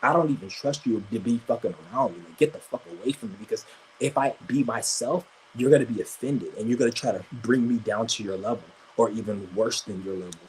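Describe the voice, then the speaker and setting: A man's voice: on the low side, brisk, a little mellow, slight background noise, poor audio. A man streaming live, ranting crudely and combatively, stumbling over repeated restarts. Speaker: livestreamer. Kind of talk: angry livestream rant.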